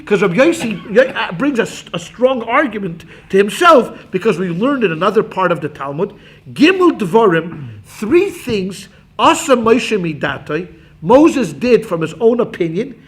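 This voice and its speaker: A man teaching a Talmud class as a rabbi, animated and acting out quotes, quick asides to his students. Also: high-pitched.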